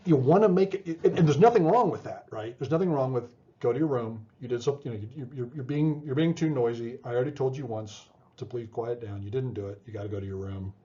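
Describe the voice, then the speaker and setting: A man's voice: mid-range voice, fast, hardly any pauses, dark tone, dull audio. A man giving a conversational psychology lecture, explaining with everyday examples and often checking in with "right?". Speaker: psychology instructor.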